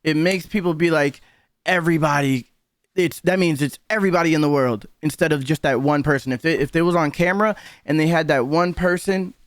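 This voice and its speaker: A man's voice: fairly high pitch, a little fast, clean tone, no room sound, clean studio sound. A man giving casual reaction commentary, heated and profane, openly disbelieving what he hears.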